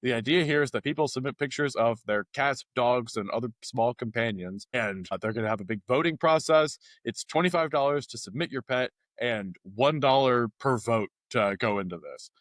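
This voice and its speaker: A man co-hosting a local news podcast in a relaxed, joking way, slipping into quick silly voices. His voice sits in a middle register. The sound is dry and close. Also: medium pitch, dry recording. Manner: joking, animated voice impressions. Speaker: podcast co-host, journalist. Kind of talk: casual news chat.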